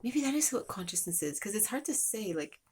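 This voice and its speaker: A woman's voice: mid-range voice, sing-song, fairly quick, a little mellow, husky. A woman telling a meandering, casual story as a lesson, with many fillers and restarts.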